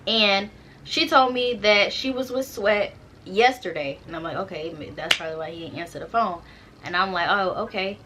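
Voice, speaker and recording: A woman's voice: mid-range voice, normal speed, bright, forceful tone, a little hiss or hum. A young woman casually telling a personal story straight to her viewers, chatty and slangy, often turning to the audience to check they follow. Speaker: storytime vlogger.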